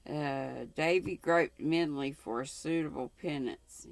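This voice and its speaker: A Southern US woman in her sixties reading a novel aloud in a folksy, unhurried way as the channel host. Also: deep voice, creaky, dry recording. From North Carolina. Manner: folksy, unhurried, with colloquial sign-offs. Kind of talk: homespun read-aloud of a novel.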